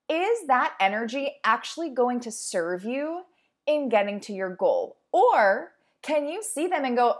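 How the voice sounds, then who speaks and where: A woman's voice: high-pitched, lively intonation, unhurried. Upbeat woman giving motivational talk. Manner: upbeat, encouraging, conversational with acted-out inner voices. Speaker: podcast host and fitness instructor. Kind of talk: motivational monologue.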